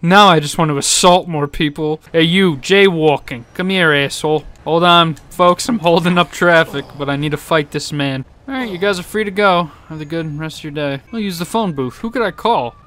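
A man's voice: a little high, brisk, few pauses, sharp tone. Joking young man narrating gameplay. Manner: joking, sarcastic, laughs often. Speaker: gaming YouTuber. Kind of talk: casual gameplay commentary.

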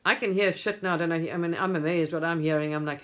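A woman's voice: sits low, steady tone, fast talker, a bit bright. A woman hosting a spiritual livestream, talking in a rambling, effusive way, often laughing and casually swearing.

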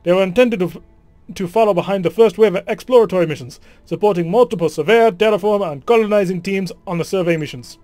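A man's voice: high-pitched, fast, darkish tone, no room sound, soft background music, close to an everyday voice. A man voicing a chatty, proud female ship engineer in a game, putting on an accent that he admits he cannot do. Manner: attempted accent, awkward.

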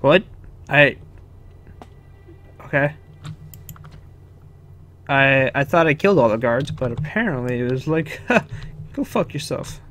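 A man's voice: mid-range voice, takes it slowly, pauses often, fairly bright tone, slight background noise. A young man casually commenting on his own gameplay, swearing, chuckling and talking to himself. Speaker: gaming video host. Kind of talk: casual let's-play commentary.

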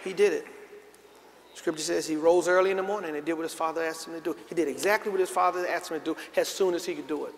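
A man's voice: fairly high pitch, a little hiss or hum. A middle-aged man preaching a sermon as pastor, drawing call-and-response from the congregation and climbing to emphatic peaks. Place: large church sanctuary with congregation. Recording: live church recording with reverb.

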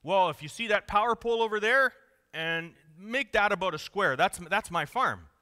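A man's voice: sits high, lively intonation, normal speed, sharp tone, clear, resonant tone, pitched above the performer's own voice. A man playing a boastful big-talking Texas rancher while telling a joke in a sermon, in a reverberant hall.

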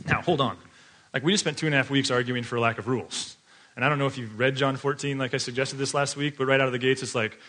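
A male pastor preaches in a loose, conversational way, leaning on stories and fillers. His voice is bright and forward at a middle pitch, and he laughs easily as he talks. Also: steady tone, fast. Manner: chatty, filler-heavy, often laughing while telling stories. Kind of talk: conversational sermon with storytelling.

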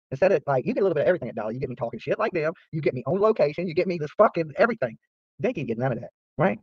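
A man's voice: fairly high pitch, animated, very fast, breathy edge, no echo. A man hosting his channel, ranting casually to viewers in a boastful, profane, trash-talking way. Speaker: YouTube channel host. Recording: dry, slightly dull lo-fi sound.

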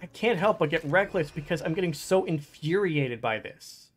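A man's voice: fairly high pitch, lively intonation, normal speed, faint music behind. A man giving casual let's play commentary as he plays, talking to himself with frustrated outbursts and exclamations. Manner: frustrated, exclamatory, talks to himself while playing. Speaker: gaming channel host.

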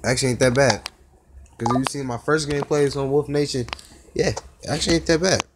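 A man's voice: mid-range voice, a little fast, noisy background. A man doing casual mobile gameplay commentary, exclaiming and groaning at each try. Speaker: gaming YouTuber. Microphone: phone.

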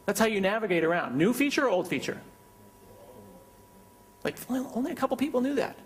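A man's voice: high-pitched, big pitch swings, fairly quick. Joking man giving a keynote demo. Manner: joking, conversational. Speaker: keynote speaker. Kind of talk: live software demo presentation.

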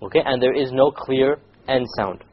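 A man with a mid-range voice, captured in dull audio, teaches a recitation class. He patiently repeats points, quizzes the students, and demonstrates words slowly.

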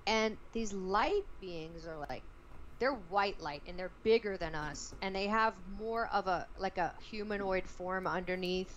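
A woman guest, an actress, tells a personal story in an interview in a lively, expressive way. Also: mid-range voice, measured pace, highs cut off, slight background noise.

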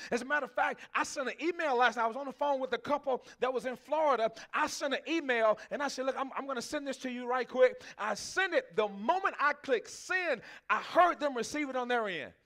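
A man's voice: very high-pitched, pushed and bright. A man preaching a sermon as pastor, talking conversationally, asking the congregation questions and laughing often. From Texas.

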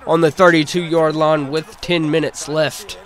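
A man giving casual play-by-play commentary over his own video game, calling each play like a sportscaster with relaxed fillers in between. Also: on the high side, unhurried.

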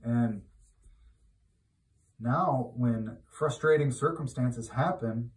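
A man's voice: mid-range voice, takes it slowly. Man preaching informally in a roomy echo. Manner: conversational, grows loud and emphatic when exhorting. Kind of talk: informal sermon. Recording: roomy echo, mic at a distance.

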